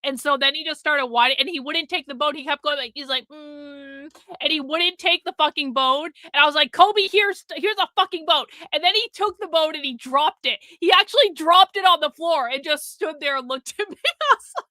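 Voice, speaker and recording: A woman with a high, bright, tense voice hosts a live stream, talking casually to her viewers. She tells a rambling story full of swearing and swings between loud and quiet. The sound is dry and close, with no room around her. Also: fairly quick, no echo. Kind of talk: casual chat to a live audience.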